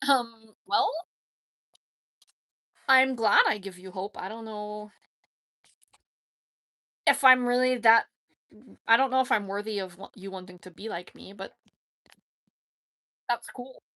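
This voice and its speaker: A woman's voice: fairly high pitch, slow, pauses often, sharp tone. A woman chatting casually on a live stream, rambling and emphatic, often adding "like, seriously.". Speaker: YouTube streamer answering chat.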